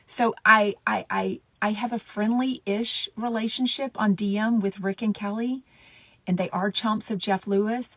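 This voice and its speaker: A woman's voice: mid-range voice, fairly even intonation, a little slow, fairly bright tone, no room sound. A woman, hosting a casual gossip podcast in a chatty, blunt, profane way, sometimes dropping to a whisper. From Texas. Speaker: podcast host.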